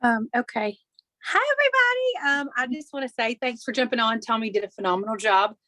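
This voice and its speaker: A woman's voice: a little high, animated, a little fast, sharp tone, no room sound. A woman on a video call, speaking in an upbeat, encouraging way to her team. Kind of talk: casual chat on a video call.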